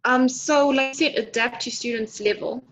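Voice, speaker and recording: A woman's voice: high voice, steady tone, normal speed, fairly bright tone. A woman taking part in an online teacher training, asking questions hesitantly and using "like" a lot. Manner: hesitant, many "like" fillers. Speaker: participant. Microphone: video call. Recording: lo-fi online call audio.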